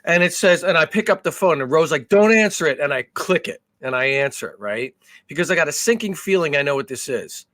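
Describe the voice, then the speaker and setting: A man co-hosting a podcast, telling a story in casual chat with animated, profane delivery. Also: fairly high pitch, fairly quick. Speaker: podcast co-host.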